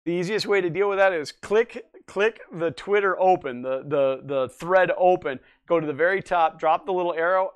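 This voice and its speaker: A man's voice: fairly high pitch, clean tone. A man in his forties hosting a casual live stream, rambling and chatting as he answers viewers' comments. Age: 40s. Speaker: livestream host.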